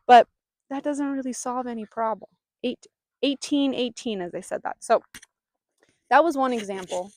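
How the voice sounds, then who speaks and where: A woman who hosts a spiritual vlog, speaking outdoors in a calm, soothing way with bursts of mock panic. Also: medium pitch, dry recording, studio quality. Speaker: spiritual guide and channeler. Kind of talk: casual spiritual talk to camera.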